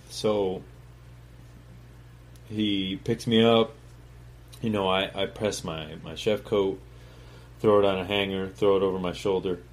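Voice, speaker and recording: A man hosting his own talk show, telling his life story in a loose, rambling way with lots of fillers and swearing, dropping to a mumble on asides. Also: on the low side. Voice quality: swears freely, acts out other people's voices in quoted dialogue. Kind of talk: casual storytelling monologue.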